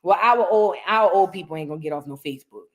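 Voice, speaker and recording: A woman's voice: on the low side, quick pace. An American woman hosting a reaction show, giving heated commentary on viewer comments and repeating her lines for emphasis. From United States.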